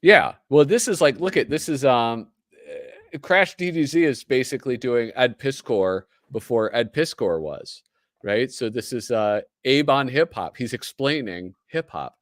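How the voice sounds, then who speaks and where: A man's voice: medium pitch, animated, measured pace, no echo, studio quality. A man with a Midwestern American accent, hosting a casual livestream, chatty and joking as he reads aloud. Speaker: host.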